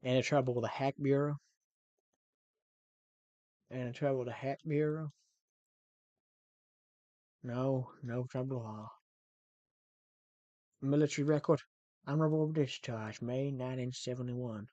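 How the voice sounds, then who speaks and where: A man voicing a gruff Texan man from a crime film, speaking in a put-on Texan accent with a low, quiet drawl. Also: fairly even intonation, a little slow, pauses often, no room sound, dull audio, natural voice. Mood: flat.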